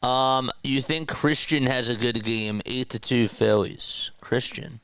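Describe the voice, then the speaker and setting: A man's voice: mid-range voice, takes it slowly, fairly bright tone, clear, resonant tone, no room sound. A man hosting a casual sports livestream, chatting loosely and reading viewer comments aloud from a home streaming setup. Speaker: play-by-play livestream host. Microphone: podcast mixer setup.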